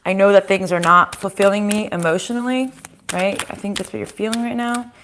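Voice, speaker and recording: A woman reads tarot cards in a relaxed, chatty way, speaking the viewer's thoughts aloud and dropping the odd curse. Her voice sits in a middle pitch. She is recorded in a kitchen at home, with a faint hiss behind her. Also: fairly quick. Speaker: tarot reader. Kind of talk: casual tarot reading to viewers.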